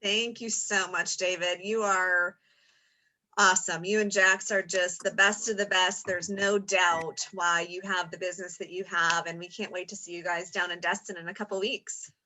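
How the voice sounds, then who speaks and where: Upbeat bright-voiced woman host. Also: lowish voice, flat delivery, moderate pace, low-quality recording. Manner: upbeat, effusive thanks. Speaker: meeting host. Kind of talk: hosting a video meeting. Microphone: video call.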